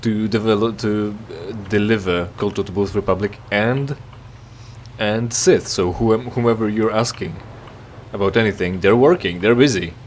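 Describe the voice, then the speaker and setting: A man's voice: lowish voice, moderate pace, a little hiss or hum. A man giving casual, joking commentary while playing a game, rambling with stammered restarts. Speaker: let's play gamer.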